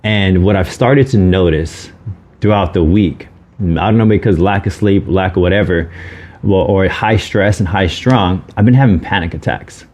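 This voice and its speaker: Here a podcast co-host, a man with children, speaks in a low-pitched, slightly mellow voice at normal speed. The conversation is candid, and he discusses hard times sincerely and openly, cursing without restraint.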